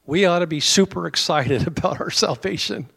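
A man's voice: on the high side, normal speed, creaky, a bit bright, breathy edge. A middle-aged American man preaching a sermon in a conversational way, with asides to his congregation and small chuckles. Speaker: pastor.

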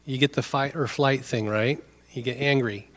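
A man's voice: mid-range voice, fairly even intonation, moderate pace, fairly bright tone. A middle-aged male pastor giving a conversational sermon, telling a story and acting out both sides of the dialogue.

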